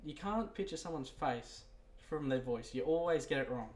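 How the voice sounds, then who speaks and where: A man chats as a guest in a friend's home, relaxed and amused, working his thoughts out as he speaks. His pitch moves around a lot. He sits back from the mic, so the room adds a lot of echo. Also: moderate pace. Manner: easygoing, amused, thinks aloud. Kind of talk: casual chat. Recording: roomy, distant from the mic.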